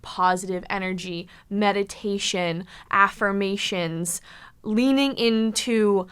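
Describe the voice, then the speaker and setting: A woman's voice: medium pitch, steady tone, takes it slowly, fairly bright tone, clear, resonant tone. A young woman hosting a podcast, gushing and emphatic as she talks with her guest. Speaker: podcast host. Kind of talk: casual chat.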